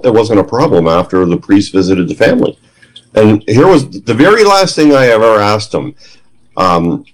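Middle-aged male guest, low voice, animated storyteller who voices his quotes. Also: rough recording. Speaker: guest, former police trainer. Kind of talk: storytelling in a podcast interview.

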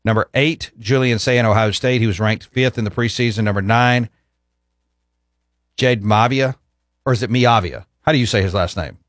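A man's voice: lowish voice, normal speed, a bit bright, dry recording, clean studio sound. A man hosting a casual sports talk show, easygoing as he reads out listener texts and chats about college football.

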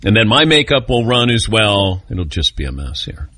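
Lively middle-aged male radio host. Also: fairly low pitch, dry recording, studio quality. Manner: joking, self-mocking, quick back-and-forth. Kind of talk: casual talk radio chat.

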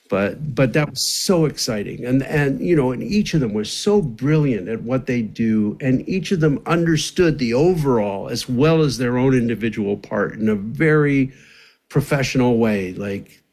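A man telling studio stories in an interview, acting out quotes with animated energy. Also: medium pitch. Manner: animated anecdotes, acts out quotes. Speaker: music producer guest. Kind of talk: storytelling interview.

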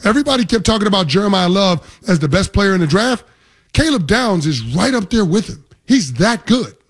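A man's voice: high-pitched, very animated, a little fast. A man co-hosting a sports talk radio show, explaining football with confidence and casual slang. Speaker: sports analyst co-host.

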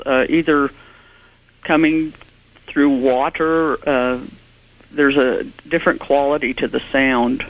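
A woman's voice: very deep voice, steady tone, takes it slowly, long pauses. A woman investigating hauntings, a guest on a radio show, earnestly explaining her evidence. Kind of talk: radio interview. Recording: tinny phone line.

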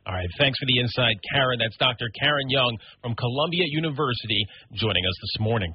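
A man hosting a radio news show, interviewing a guest and chatting with his co-host in a brisk, friendly way. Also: medium pitch, lively intonation, breathy edge, no echo. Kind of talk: live radio interview and banter. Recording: dull lo-fi radio broadcast.

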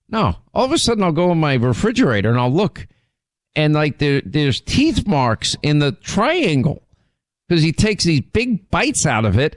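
A man's voice: on the high side, no echo. Rambling, teasing male talk host. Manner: rambling, teasing, animated storyteller with many restarts. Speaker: radio talk show host. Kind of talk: casual on-air storytelling.

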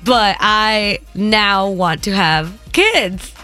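A young woman co-hosting a morning radio show, telling a story in an animated way and acting out her own sobbing. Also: medium pitch, very slow, faint music behind. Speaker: radio co-host.

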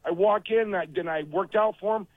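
A man in his fifties, a former football player and guest on the show, telling animated stories and acting out the quotes over a phone line. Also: high voice, normal speed, no echo. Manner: animated storyteller, acts out quotes. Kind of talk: casual phone interview storytelling.

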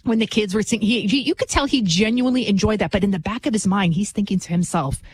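A woman's voice: mid-range voice, fast talker, hardly any pauses, slightly rough, no echo, rough recording. A woman delivers a fiery political monologue, emphatic and insistent. She repeats phrases for force and leans on rhetorical questions to pull the listener along. The recording is dry and close, with no room sound. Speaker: political commentator.

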